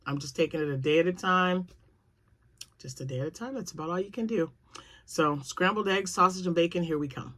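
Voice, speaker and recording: A middle-aged woman chatting casually to her viewers in a crochet vlog, rambling from topic to topic with asides and little laughs. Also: fairly low pitch. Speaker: crochet vlogger. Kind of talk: casual chat to camera.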